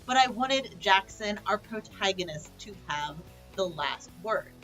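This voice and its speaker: Bright-voiced woman explaining her play. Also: medium pitch, expressive, faint music behind, poor audio. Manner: measured, reflective, explaining. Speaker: playwright giving creator commentary. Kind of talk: explanatory director's commentary.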